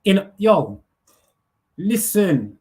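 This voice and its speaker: Very slow and sing-song, his high, warm voice carries a middle-aged man's casual livestream rant full of profanity and street slang. He gets heated and keeps asking "you get me."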